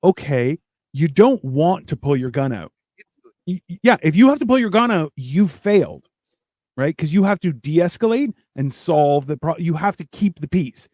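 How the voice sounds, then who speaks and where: A man's voice: fairly high pitch, animated, moderate pace, darkish tone, dry recording, studio quality. A man hosting a casual podcast chat, talking bluntly with lots of swearing and emphatic repeats. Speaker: host.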